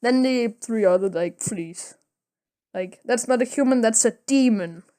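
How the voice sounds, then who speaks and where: A woman podcast host recounting a comic book story at an unhurried pace, full of fillers and restarts as she corrects herself. Her voice sits fairly high for a woman. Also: warm tone. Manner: rambling, many fillers and self-corrections. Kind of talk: casual comic retelling.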